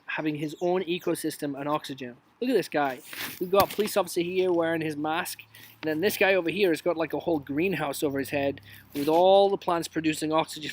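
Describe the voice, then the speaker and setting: A man's voice: a little high, slight background noise. Chatty man joking through memes. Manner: chatty and jokey, dropping into whispers for asides. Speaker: youth leader hosting a live stream. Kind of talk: casual live-stream commentary on memes. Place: outdoors.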